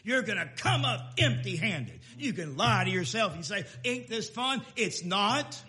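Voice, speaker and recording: A man preaching a sermon in a folksy, emphatic way, swinging between loud declarations and quiet asides. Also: high-pitched, sing-song, moderate pace. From Texas.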